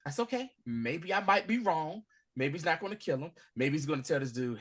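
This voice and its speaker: A man hosting a casual recap, acting out scenes with slang and swings from loud to hushed. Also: fairly high pitch, expressive, fairly quick, few pauses. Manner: acts out scenes in dramatic voices, swinging from shouting to hushed; profane, street slang. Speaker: podcast host recapping a TV episode.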